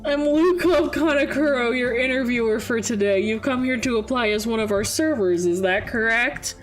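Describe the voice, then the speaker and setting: A woman's voice: sits high, sing-song, brisk, a bit bright, faint music behind. A woman voicing a polite, formal male cabaret interviewer with an exaggerated comic cartoon-villain accent.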